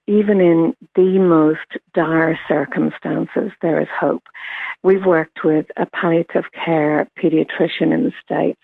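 NZ woman guest, gravelly voice, tinny phone line, thoughtful advice. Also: low-pitched. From New Zealand. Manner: gentle, reflective, many fillers and restarts. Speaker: wellbeing expert guest. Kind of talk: radio interview, casual advice.

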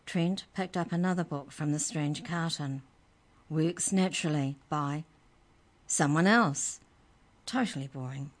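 A woman reading a children's story aloud with slow, expressive narration. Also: low-pitched.

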